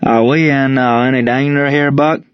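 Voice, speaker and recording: A man voicing an anxious teenage male ballplayer who asks uneasy questions slowly and deliberately. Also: mid-range voice, fairly even intonation, clear, resonant tone, no room sound, close to an everyday voice. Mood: worried. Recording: slightly dull lo-fi recording.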